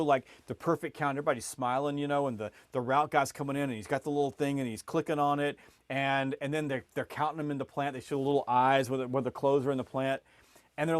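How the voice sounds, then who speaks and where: A middle-aged man, a sales expert guest in a podcast interview, telling stories with growing energy and many quick restarts. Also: dry recording. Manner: lively, rising pitch and volume as the story builds, frequent restarts. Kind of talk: animated storytelling in a podcast interview.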